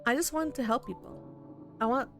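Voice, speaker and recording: A woman's voice: high-pitched, brisk, faint music behind. Woman voicing an anxious, earnest young man. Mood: upset. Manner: earnest, worried, emotional. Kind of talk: visual novel voice acting.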